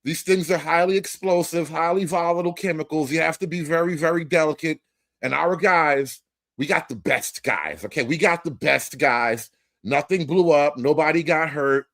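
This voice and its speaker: A man's voice: fairly high pitch, moderate pace, fairly bright tone, no echo, pitched below the performer's own voice. A man doing a boastful president impression. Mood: cautioning. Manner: boastful, repetitive. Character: boastful male president bragging about his troops.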